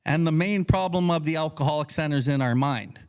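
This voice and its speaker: Brief: male podcast co-host, fairly high voice, blunt and profane, teaches casually and acts out his inner voice. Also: fairly quick, darkish tone, clean tone. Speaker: podcast co-host leading a recovery book study.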